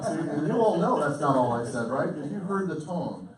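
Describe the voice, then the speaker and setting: A man in his fifties, a communication professor, lecturing with lively, intense storytelling and acted-out quotes. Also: on the high side, brisk, few pauses, a crowd in the background. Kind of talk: lecture to an audience. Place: lecture hall. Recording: echoey hall recorded from far off.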